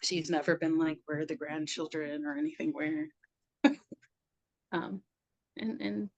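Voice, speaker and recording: Soft-spoken middle-aged woman, muffled audio. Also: low-pitched, fairly even intonation, slow. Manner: loose and reflective, laughs often, many "like"s. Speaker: podcast guest, somatic practitioner. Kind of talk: casual reflective conversation.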